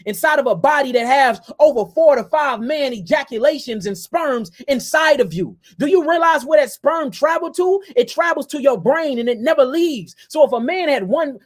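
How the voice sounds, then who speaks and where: Fiery high-pitched man lecturing viewers. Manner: fiery, preachy, ranting, repeats himself; addresses listeners as family and y'all. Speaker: host.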